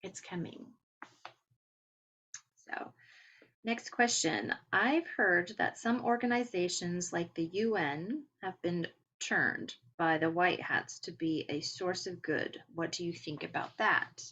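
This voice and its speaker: A woman hosting a podcast, talking in a gentle, encouraging and rambling way as she comments on spiritual topics. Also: lowish voice, takes it slowly, slightly rough. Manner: rambling, with filler words. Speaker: podcast host.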